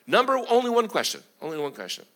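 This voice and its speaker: A middle-aged man, a guest preacher, giving an animated sermon full of stories and swings between booming and hushed delivery. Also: quick pace.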